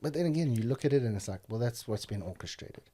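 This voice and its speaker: A man with a mid-range, mellow voice talks quickly and with animation as a podcast guest. In casual conversation, he tells blunt, profane, heated stories.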